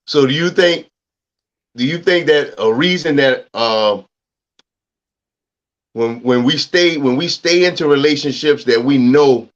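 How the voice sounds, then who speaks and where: A man's voice: medium pitch, unhurried, pauses often. A man co-hosting a podcast, speaking reflectively in casual discussion and searching for his words. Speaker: podcast co-host. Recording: dull lo-fi sound.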